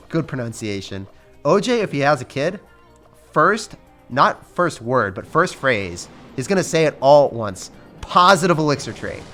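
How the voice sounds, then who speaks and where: Fast-talking young man commentating gameplay. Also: lowish voice. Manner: excitable, addresses viewers as guys. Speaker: game commentator.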